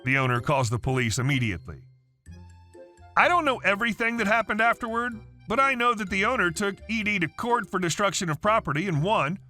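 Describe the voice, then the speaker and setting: A man narrating reddit stories in an animated reading voice, with faint music behind. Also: high-pitched, brisk.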